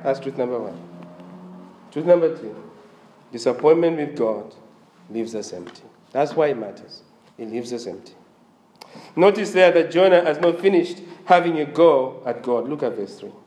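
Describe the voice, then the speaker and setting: A man preaching a sermon in a high, lively voice that rises and falls as he questions the congregation. His voice sounds slightly strained, and it rings around a reverberant church room. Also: normal speed, pauses often. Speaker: pastor.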